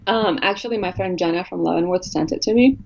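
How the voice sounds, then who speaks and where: Woman, hoarse, lowish voice, podcast co-host, casual chat, laughs easily, muffled recording. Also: fast, a crowd in the background. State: hoarse from a cold. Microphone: podcast microphone.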